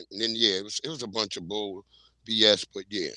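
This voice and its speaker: A man's voice: lowish voice, steady tone, brisk, pushed and bright, no room sound, poor audio. A man hosting a livestream, chatting casually in blunt slang while he plays clips. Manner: slangy, blunt, laid-back. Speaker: livestream host. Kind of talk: casual commentary.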